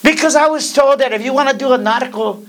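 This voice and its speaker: A man's voice: very high-pitched, quick pace, a crowd in the background. A man as a podcast guest, joking and cursing in casual chat. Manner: animated, profane, joking.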